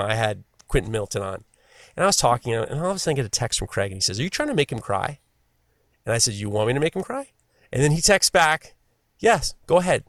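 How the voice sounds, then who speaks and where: A man hosting a podcast, telling stories in casual chat, animated and swearing freely. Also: a little high, dry recording, studio quality. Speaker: podcast host.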